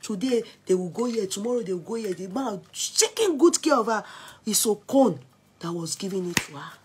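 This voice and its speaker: A young Nigerian woman with an accent, excitedly recounting gossip on her vlog and switching between Pidgin and Yoruba. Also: mid-range voice, brisk, noisy background. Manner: excitable, mixing Pidgin and Yoruba, laughing asides. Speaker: gossip vlogger. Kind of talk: animated gossip commentary.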